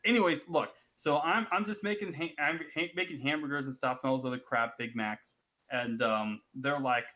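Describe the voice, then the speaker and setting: A man's voice: fairly high pitch, animated, moderate pace, bright, forceful tone. A man in a casual group chat, telling a long rambling story full of swearing and restarts.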